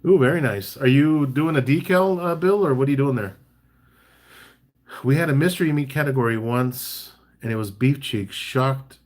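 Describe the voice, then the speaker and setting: A man hosting a casual live-stream chat. He talks in a relaxed, chatty way, reads out viewer comments and gives tips between bits of banter. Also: mid-range voice, moderate pace. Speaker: barbecue caterer and live chat host.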